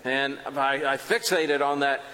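A man's voice: medium pitch, fairly even intonation, measured pace, pushed and bright. Man telling a story in a reverberant hall. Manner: earnest storytelling with self-mocking asides. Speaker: preacher performing a biblical character. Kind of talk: first-person dramatic monologue.

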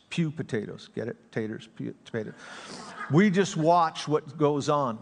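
Male pastor, middle-aged, preaching, chatty and joking, slightly high voice, long church reverb. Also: lively intonation, a little slow, vocal fry. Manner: humorous, conversational, self-deprecating. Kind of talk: sermon. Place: church sanctuary.

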